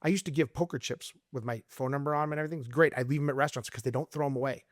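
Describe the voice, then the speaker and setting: With a mid-range voice and rapid-fire delivery, a middle-aged Arizona realtor talks sales tactics as a guest on a casual podcast, recorded at studio quality with no room sound. He tells stories animatedly, reenacting his client calls in lively voices.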